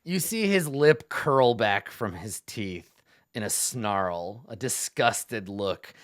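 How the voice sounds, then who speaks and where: A man's voice: fairly low pitch, animated, slow, no echo, studio quality. Rambling man running a tabletop game. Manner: rambling, lots of "like" fillers. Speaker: game master.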